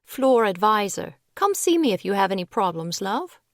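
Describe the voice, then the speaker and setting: A woman's voice: mid-range voice, sing-song, normal speed, no room sound, clean studio sound, close to an everyday voice. A woman voicing a young, bubbly British floor advisor in an audiobook, chirpy and playful. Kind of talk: audiobook character voice.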